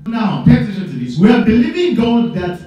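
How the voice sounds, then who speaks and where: A man preaching a sermon as pastor, emphatic and repetitive, swinging between loud stresses and low asides. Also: big pitch swings, brisk, dull audio, faint music behind. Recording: echoey church hall, mic at a distance.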